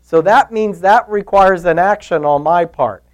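Unhurried and high-pitched, a man teaches from the Bible in a conversational sermon full of folksy storytelling. He often checks with his listeners by asking "right?", and the recording quality is poor.

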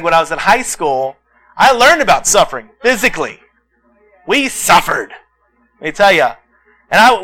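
A man preaching a sermon as a pastor, telling animated personal stories and acting out the people in them. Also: sits high, poor audio. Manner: animated storytelling, acts out quotes.

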